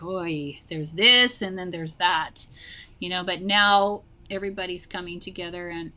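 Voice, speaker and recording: A woman in her forties, a guest telling stories in an animated way in casual conversation, with many fillers. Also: lowish voice. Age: 40s. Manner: animated storyteller, many fillers like "like" and "you know". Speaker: guest, social emotional learning teacher.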